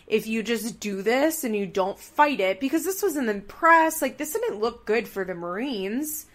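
A woman co-hosting a casual podcast, chatting loosely with lots of fillers as she reasons out loud. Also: medium pitch. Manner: chatty, many fillers, talks through hunches. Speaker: podcast co-host. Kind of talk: casual chat.

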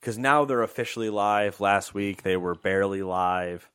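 A man's voice: fairly low pitch, moderate pace, a bit bright, smooth, no echo, clean studio sound. A young man co-hosting a casual gaming podcast, joking and rambling with lots of fillers. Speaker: podcast co-host. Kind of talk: casual gaming news chat.

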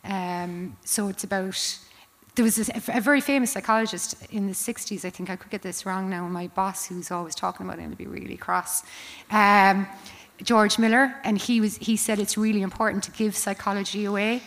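A woman's voice: mid-range voice, fairly even intonation, creaky, a bit bright. Cork-accented woman lecturer, reverberant. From County Clare, Ireland. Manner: explanatory, measured, with fillers. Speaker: psychology lecturer. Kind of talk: interview guest. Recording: long hall reverb.

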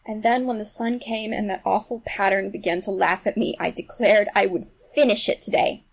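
A woman reading a classic story aloud as an audiobook, in a first-person telling that moves between hushed and emphatic. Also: mid-range voice, fairly even intonation, normal speed, creaky, low-quality recording. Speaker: audiobook reader. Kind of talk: literary audiobook narration. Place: New York City.

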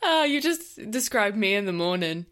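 With big pitch swings at a normal speed, a woman's mid-range, somewhat bright voice carries a casual film podcast chat. She's a co-host who talks loosely, laughs a lot, and trails off with plenty of "like."

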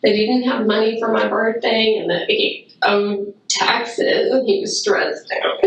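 A woman giving a halting, whimpering account in a recorded police interview, heard on an echoey archive recording. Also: on the high side, steady tone, creaky, far from the mic, lo-fi sound. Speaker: caller reporting an emergency.

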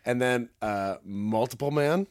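A man's voice: medium pitch, a little slow, clear, resonant tone, no echo, studio quality. A man co-hosting a podcast in casual chat, rambling and laughing often. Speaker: podcast co-host.

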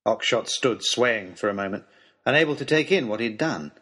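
Male narrator, dramatic storybook read, husky, animated pitch. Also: moderate pace. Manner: expressive, dramatic reading.

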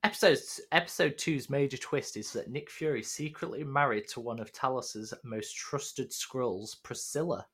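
Man, podcast co-host, bright tone, short interjections, casual chat. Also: mid-range voice, moderate pace, hardly any pauses, husky. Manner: brief interjections, reads notes aloud.

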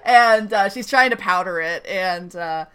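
A woman's voice: mid-range voice, measured pace, bright, forceful tone, clear, resonant tone. A young woman hosting a podcast, chatting casually and animatedly while recapping a TV episode and acting out its scenes. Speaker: podcast host.

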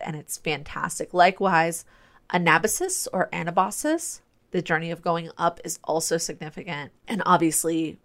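A young adult woman co-hosting a podcast, explaining things in an enthusiastic, nerdy, rambling way. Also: low voice. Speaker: podcast co-host. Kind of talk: casual podcast chat.

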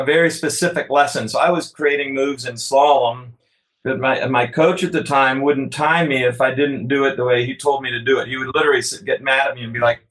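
A man's voice: mid-range voice, a bit bright, poor audio. Rambling, laughing male kayaker guest. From United States. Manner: rambling, laughs often, many restarts. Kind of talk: casual interview talk.

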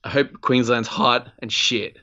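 A man's voice: mid-range voice, measured pace, muffled recording. A young Australian man co-hosting a gaming podcast, telling a rambling story full of swearing and acted-out quotes. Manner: animated, swears freely, acts out voices in anecdotes. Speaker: podcast co-host. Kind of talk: casual storytelling chat.

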